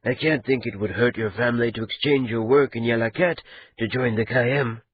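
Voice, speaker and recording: Measured court envoy, voiced by a man, husky and polite. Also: mid-range voice, no room sound, phone-quality sound, close to an everyday voice. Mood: probing.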